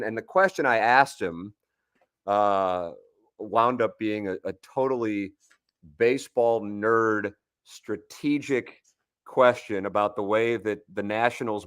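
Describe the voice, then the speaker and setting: A man's voice: lowish voice, fairly bright tone, smooth, dry recording, studio quality. A man in his forties, a sports radio guest, telling long rambling anecdotes with frequent restarts in a casual sports talk show.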